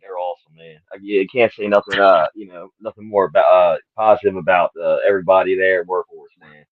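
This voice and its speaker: A man with a Southern US accent, interviewing in a relaxed, filler-heavy chat style. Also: on the low side, no room sound. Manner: laid-back, lots of fillers, laughs often. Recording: dull lo-fi audio.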